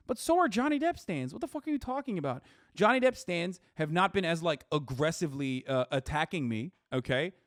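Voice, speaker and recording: In a dry, clean studio recording, a high-voiced man delivers livestream reaction commentary, going off in an angry, profanity-laced rant as he responds to clips and to his chat.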